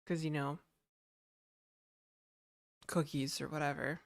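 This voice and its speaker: Lady streamer venting and swearing, lowish voice, dead dry mic. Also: fairly even intonation, takes it slowly, vocal fry, no echo. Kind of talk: casual live stream chat.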